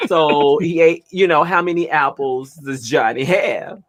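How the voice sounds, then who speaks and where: A man co-hosting a radio talk show, telling stories in an animated, theatrical way. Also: fairly high pitch, normal speed, few pauses. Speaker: radio co-host. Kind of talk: casual storytelling chat.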